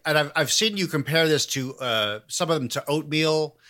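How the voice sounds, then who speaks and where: A man's voice: fairly high pitch, moderate pace, bright, forceful tone. A man hosting a comedic interview, talking in a dry, mock-grandiose way, as if he made humanity. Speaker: podcast host.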